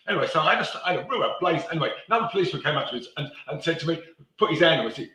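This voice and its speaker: A man's voice: a little high, lively intonation, rapid-fire, bright, forceful tone. A man telling stories in casual chat, ranting with coarse language. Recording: echoey room.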